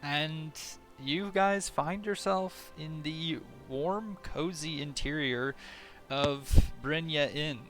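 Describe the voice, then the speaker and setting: A man running a tabletop game as game master, describing scenes in a relaxed way with many fillers. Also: a little high, slow pace, faint music behind. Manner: relaxed, filler-heavy narration.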